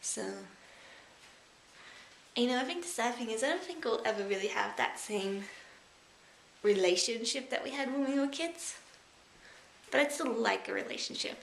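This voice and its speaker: Young Australian woman, thoughtful and halting, talking to camera in an echoey room. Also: a little high, lively intonation, gravelly, a bit bright. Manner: rambling, reflective, halting with many fillers. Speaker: vlogger. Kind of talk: rambling personal time-capsule vlog. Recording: echoey room with faint background noise.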